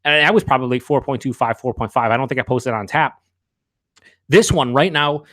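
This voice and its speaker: A man's voice: medium pitch, brisk, a bit bright, dry recording, clean studio sound. A man hosting a live beer review. He talks casually and candidly, rambles with fillers, swears now and then, and reads out viewers' chat comments.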